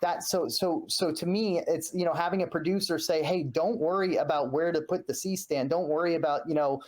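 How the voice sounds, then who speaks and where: A man speaking as a podcast guest, telling an animated story full of acted-out quotes and frequent restarts. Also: a little high, moderate pace. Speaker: guest, former journalist. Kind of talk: heated podcast conversation.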